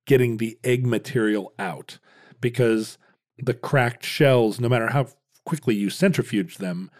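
A man in his fifties co-hosting a casual podcast, explaining at length in halting restarts with wry asides. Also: medium pitch, darkish tone. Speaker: podcast co-host.

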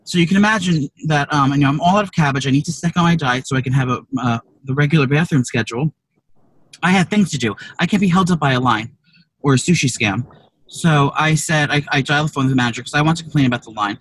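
A man co-hosting a comedy podcast, rambling through crude stories with loud, profane rants. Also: on the high side, fast talker, slight background noise. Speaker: podcast co-host. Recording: distant from the mic.

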